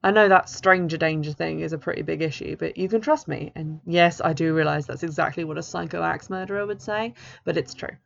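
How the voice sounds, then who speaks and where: A woman reading the part of a friendly, posh young male runaway who speaks softly and reassuringly. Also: sits low, brisk, creaky, hardly any pauses. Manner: soft, reassuring, casual. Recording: dull lo-fi recording.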